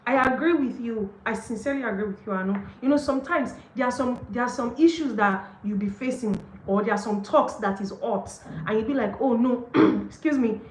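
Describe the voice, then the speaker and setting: Excited woman reading in an echoey room. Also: on the high side, a little fast, hardly any pauses, slight background noise. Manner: gushing and excited, often laughs, leans on "like" and "okay". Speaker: host of a book study session. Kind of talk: livestreamed devotional book reading and commentary.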